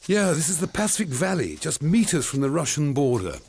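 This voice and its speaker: A man's voice: a little high, sing-song, fairly quick, creaky, a little mellow, breathy edge. A man hosting a cooking demonstration in an outdoor snow kitchen, bantering theatrically with his crew as he cooks. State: a bit out of breath. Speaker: cooking show host.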